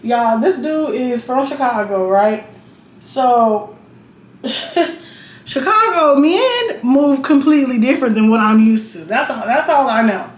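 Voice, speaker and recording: Young woman spilling dating tea, cussing, kinda high voice, echoey room. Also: animated, takes it slowly. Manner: blunt, profane, chatty, keeps checking in with the viewer. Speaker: vlogger. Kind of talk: casual storytelling while getting ready. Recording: roomy echo with faint noise.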